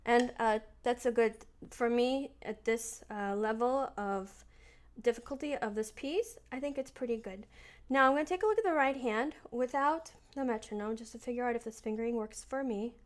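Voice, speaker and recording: A woman piano teacher talking through her practice in a relaxed, chatty way, thinking aloud as she plays. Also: on the high side, normal speed, slight background noise. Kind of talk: casual piano practice lesson. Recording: voice over loud piano playing. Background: piano playing.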